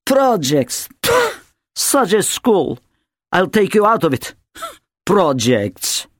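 A cold, scornful mother, as a male audiobook reader puts her on, with his voice lifted well above its usual pitch. She sounds haughty and detached, and every line carries open contempt. The recording is close and dry. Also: expressive, a little slow, no room sound. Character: cool, scornful woman, a mother.

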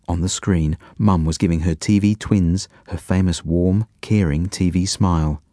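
A man narrating a children's audiobook in an expressive, playful way. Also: low voice, moderate pace, hardly any pauses, dry recording, clean studio sound. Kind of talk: storybook narration.

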